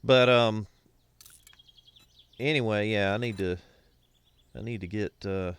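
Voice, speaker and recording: A man's voice: on the low side, slow pace, clean tone. A man, streaming a game live and chatting to his viewers in a folksy, rambling way, a bit foggy after being ill. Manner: folksy, rambling, sings snatches and laughs at own jokes.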